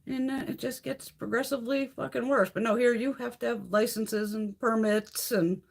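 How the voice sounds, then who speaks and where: A woman's voice: fairly high pitch, fairly even intonation, normal speed, vocal fry. A woman hosting a live beauty stream, chatting with viewers in a blunt, profane, ranting way and laughing often. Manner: laughs often while talking. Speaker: beauty livestream host.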